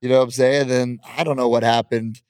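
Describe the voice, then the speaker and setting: A man's voice: medium pitch, little pitch movement, fairly quick, darkish tone, clean tone, dry recording, clean studio sound. Brash, boastful man in casual talk. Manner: brash, boastful, laughs often. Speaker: professional wrestler guest. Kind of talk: casual interview chat.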